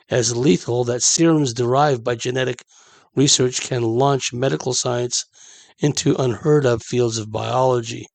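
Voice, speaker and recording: A man reading a report aloud in a measured way, breaking off for chatty asides. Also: mid-range voice, vocal fry, a little mellow, no room sound. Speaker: commentator reading a document.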